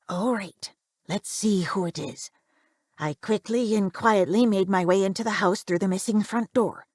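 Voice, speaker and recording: A woman reads a creepy first-person tale aloud, her voice pitched a little high. Her delivery is tense and emphatic, and the recording is close and dry, with no room sound at all. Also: no room sound. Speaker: narrator. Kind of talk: dramatic horror story reading.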